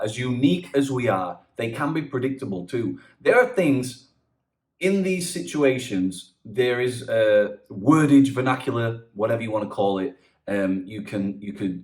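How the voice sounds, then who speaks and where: A man's voice: mid-range voice, darkish tone. A man giving earnest, rambling advice in a casual vlog monologue, often restarting his sentences. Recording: echoey room.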